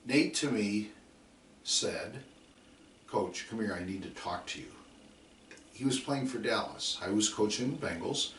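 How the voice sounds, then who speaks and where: With a fairly low, slightly bright voice, a middle-aged football coach gives an emphatic, repetitive lecture. He repeats drill calls and tells stories while playing out his players' parts. Slight background noise and a distant mic give the audio a roomy feel.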